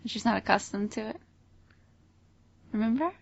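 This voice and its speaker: Creaky gravelly woman stumbling through a story, lo-fi podcast. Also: medium pitch, lively intonation. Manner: halting, retelling with many fillers. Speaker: podcast co-host. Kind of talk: casual stoner chat. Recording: dull lo-fi sound.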